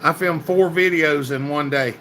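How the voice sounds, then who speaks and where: A man's voice: fairly high pitch, moderate pace, a bit bright, a little hiss or hum, rough recording. A man hosting a casual livestream, reading viewer comments and greeting people by name in a folksy, chatty way. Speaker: livestream host.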